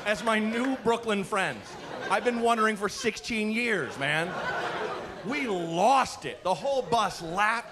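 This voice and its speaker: A man from Portland doing a stand-up comedy set, telling animated stories and acting out characters, with swearing. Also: high voice, measured pace, a crowd in the background, background noise. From Portland, USA. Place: comedy club stage.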